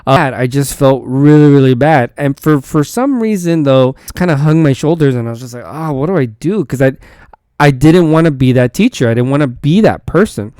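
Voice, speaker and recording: A man's voice: medium pitch, normal speed, dark tone, smooth, no room sound, studio quality. A man who is a teacher and podcast host, telling a story in a rambling, casual way with many false starts and repeated words.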